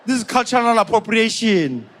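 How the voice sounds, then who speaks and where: A man voicing an indignant male taxi driver with a South African accent who protests loudly. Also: high-pitched, sing-song, moderate pace. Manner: loud, protesting, clicking "ah, ah".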